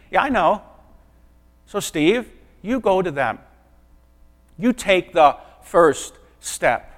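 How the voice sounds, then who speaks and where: High-voiced pastor in a reverberant hall. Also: male voice, a little slow. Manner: conversational, earnest, dropping to soft asides. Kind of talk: sermon. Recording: long reverb of a large hall.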